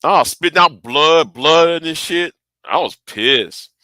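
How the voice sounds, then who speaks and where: Guy vlogging a story, bright kinda high voice, cusses a lot, keeps stumbling over words. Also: expressive, slow, no room sound. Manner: rambling, profane, stammering repeats. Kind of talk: casual storytelling to camera.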